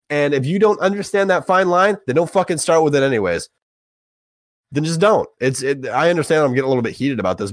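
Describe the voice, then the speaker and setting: A young man co-hosting a gaming podcast, ranting in a heated, profane, emphatic way that climbs higher when he gets worked up. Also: dry recording. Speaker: podcast co-host. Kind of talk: heated casual rant.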